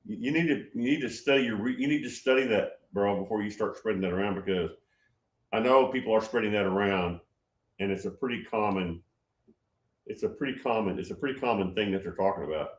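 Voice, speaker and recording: A man in his seventies hosting a casual livestream, reading viewer comments and answering them, getting loud and excited with many restarts. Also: on the low side, a little fast, roomy sound. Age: 70s. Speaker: livestream host answering chat.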